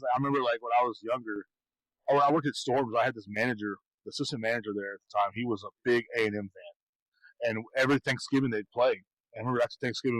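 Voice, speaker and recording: A man's voice: mid-range voice, fairly bright tone, no room sound, poor audio. A man co-hosting a podcast, telling rambling stories in casual chat and laughing often. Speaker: podcast co-host.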